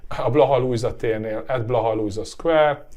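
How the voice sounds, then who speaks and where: A man's voice: medium pitch, moderate pace, a little mellow. Hungarian-accented man teaching, voice tiring. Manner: checks in with a rising "yeah?", many "uh" fillers. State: voice getting hoarse. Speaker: language teacher. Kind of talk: language lesson.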